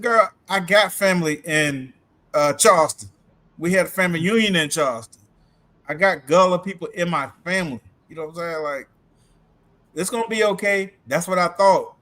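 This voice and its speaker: High-voiced man, animated chat. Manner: animated, laughing storyteller. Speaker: livestream co-host. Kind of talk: casual chat.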